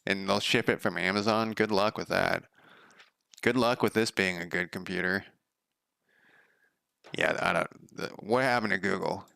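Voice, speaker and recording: Gravelly, swearing streamer guy. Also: sits low, normal speed, long pauses, bright, forceful tone, dry recording. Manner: profane, sardonic, rambling. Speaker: game developer streamer. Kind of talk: casual live coding commentary.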